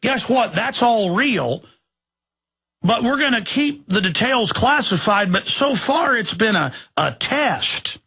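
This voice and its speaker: A middle-aged man hosting a talk radio show, ranting angrily, often shouting and turning sarcastic. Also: high-pitched, sing-song, slow pace, slightly rough. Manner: angry, shouting rants with sarcastic asides.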